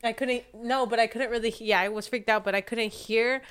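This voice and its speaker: A woman's voice: on the high side, steady tone, a little fast, fairly bright tone, smooth. A young woman co-hosting a podcast, rambling in casual chat with lots of fillers and restarts. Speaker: podcast co-host.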